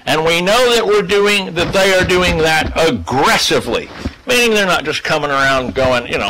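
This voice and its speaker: A man giving a casual spoken lecture to a class, profane, animated and emphatic. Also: on the high side, moderate pace, a little hiss or hum, low-quality recording. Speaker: class teacher.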